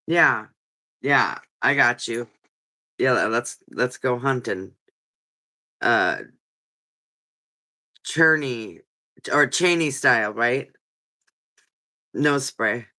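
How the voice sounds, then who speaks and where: This woman's voice is very deep, pushed and bright, and she talks extremely slowly with long pauses. Stuffy-nosed after crying, she hosts a live chat stream, reading comments in an earnest, rambling, emotional way.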